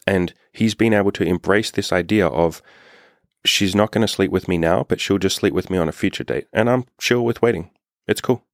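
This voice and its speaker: A man's voice: low voice, a little fast, no room sound, clean studio sound. A man who works as a dating coach, telling a casual, profane story full of fillers.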